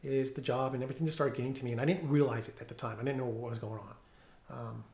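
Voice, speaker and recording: A middle-aged police officer giving a personal testimony at home, talking haltingly with many fillers and restarts. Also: male voice, medium pitch, steady tone, vocal fry, a little mellow, echoey room. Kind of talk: personal testimony, reading from notes. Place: room at home.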